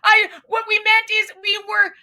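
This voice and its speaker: A woman's voice: very high voice, monotone, unhurried, bright, forceful tone, voice pushed up, exaggerated voice. A woman putting on a shrieking, panicked mom. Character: flustered, embarrassed middle-aged mom texting.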